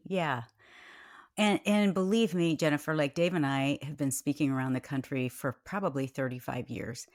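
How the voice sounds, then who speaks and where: A middle-aged woman guest on a podcast, telling a story in a lively, expressive way and acting out the quoted voices. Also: normal speed, no room sound, studio quality. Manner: expressive, acts out quoted voices with big pitch jumps. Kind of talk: animated storytelling interview.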